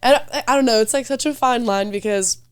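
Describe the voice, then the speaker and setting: A young woman, a college student, chatting on a family podcast, upbeat and quick with lots of "like". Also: on the high side, smooth, no echo, clean studio sound. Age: young adult. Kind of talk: casual family chat.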